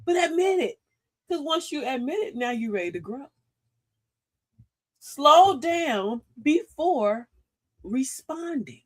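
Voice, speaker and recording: Older lady, playful and preachy, pitch all over the place, hosting a live self-help chat. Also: takes it slowly, long pauses. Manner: animated, preachy, playful with slang. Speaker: host of a live talk show. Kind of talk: motivational live-stream talk.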